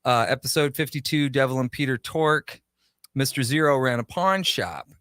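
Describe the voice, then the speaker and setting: A man on a radio show telling anecdotes and acting out the back-and-forth of old conversations. His voice is bright and forward. The sound is close and dry, like a studio mic. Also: medium pitch, moderate pace, no room sound. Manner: animated anecdotes with quoted dialogue. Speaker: shop owner guest. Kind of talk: casual radio interview storytelling.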